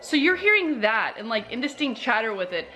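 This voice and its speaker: A woman's voice: on the high side, very animated, a little fast, over loud music. A young woman chatting casually in a rambling vlog from her bedroom, talking as a mom with lots of fillers. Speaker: mom vlogger. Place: bedroom, lying in bed.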